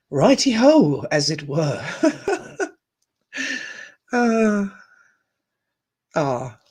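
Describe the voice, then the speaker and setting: Woman host of a live stream, earnest and musing, slow husky voice with a lively, rising and falling pitch. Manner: earnest, musing, reading viewer comments aloud; laughs softly between thoughts. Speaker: host of a live online talk. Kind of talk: reflective live-stream monologue.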